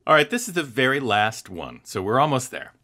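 Bright, lively woman co-host. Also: rumbling low, fairly quick. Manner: lively, teasing, laughs while reading. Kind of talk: hosting a quiz segment.

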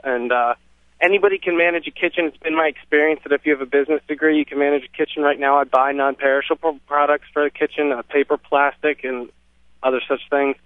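A man who works in a restaurant calls a radio show and states his view plainly, without fuss. His voice sits a little higher than most men's. It comes through a thin, phone-like line with a dry, close sound. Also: fairly even intonation, fast talker, dry recording. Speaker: caller, restaurant worker. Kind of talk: phone-in opinion.

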